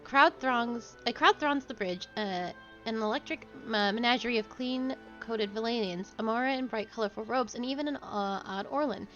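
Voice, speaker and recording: A young woman streaming a role-playing game, reading each passage aloud in a casual, slightly giggly way. Her voice is fairly high, and quiet music plays behind her. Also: moderate pace, highs cut off. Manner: reads game text aloud, giggly asides. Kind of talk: casual gameplay narration.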